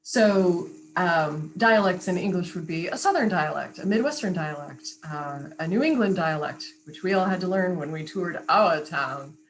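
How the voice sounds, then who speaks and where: A woman's voice: on the low side, expressive, normal speed, hardly any pauses, rough recording. Articulate woman vocal coach explaining. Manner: articulate, explanatory, laughs easily. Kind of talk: conversational interview answers.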